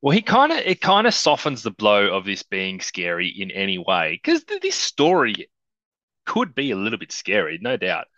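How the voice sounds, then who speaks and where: Man, podcast co-host, bright forceful voice, dry dull lo-fi sound. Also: on the low side, moderate pace, dry recording. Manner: animated, acts out quoted dialogue. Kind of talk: casual film discussion.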